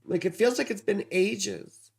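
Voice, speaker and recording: A man's voice: sits high, a little slow, vocal fry. A man hosting an astrology livestream, rambling and distracted as he reads horoscopes, swearing casually.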